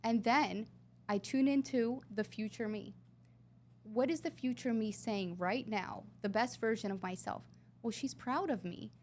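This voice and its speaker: A woman's voice: a little high, unhurried, a little mellow, a little hiss or hum. A woman talking earnestly and with emphasis as a guest in a conversational interview. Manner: earnest, emphatic, sometimes drawn out. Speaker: podcast guest.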